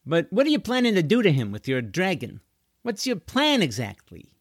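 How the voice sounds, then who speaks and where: A man's voice: high-pitched, wildly swooping pitch, normal speed, no echo, voice pushed up, exaggerated voice. A man doing a blunt, skeptical young woman. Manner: dry, questioning and blunt. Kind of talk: storybook reading.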